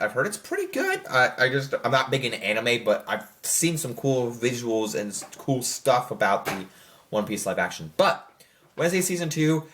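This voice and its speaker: A man's voice: mid-range voice, fairly bright tone. A man giving a casual spoken review of a series, rambling with many fillers and restarts. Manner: rambling, filler-heavy, self-correcting. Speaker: show reviewer.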